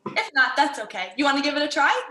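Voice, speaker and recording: Bright, upbeat woman teaching kids. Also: high voice, big pitch swings, quick pace, roomy sound, poor audio. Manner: upbeat, encouraging. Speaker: martial arts instructor. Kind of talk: teaching a kids' online workshop. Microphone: video call.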